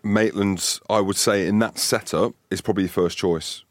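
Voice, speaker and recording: A man co-hosting a sports podcast, teasing and needling his co-host in quick casual banter. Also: on the low side, fairly even intonation, no room sound, studio quality.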